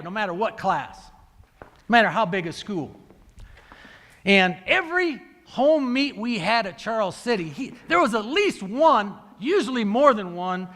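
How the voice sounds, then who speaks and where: A middle-aged man, a coach telling a story to an audience and acting out the dialogue. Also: high-pitched. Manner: animated, acts out quoted dialogue. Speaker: wrestling coach and speaker. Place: large hall. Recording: reverberant hall.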